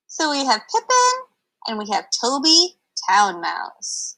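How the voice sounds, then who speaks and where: A woman's voice: high-pitched, wildly swooping pitch, takes it slowly, bright, forceful tone, rough recording. A young adult woman reading a picture book aloud to children on a livestream, stopping to explain words in a chatty way.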